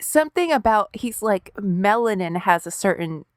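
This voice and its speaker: A woman co-hosting a podcast, telling stories in a casual, profane, animated way. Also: mid-range voice, normal speed, no room sound, clean studio sound. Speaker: podcast co-host. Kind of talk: casual chat.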